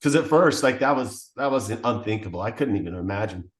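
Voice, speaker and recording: Podcast guest, man, low voice, earnest and emotional testimony, roomy sound. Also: animated, a little fast. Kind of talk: personal testimony.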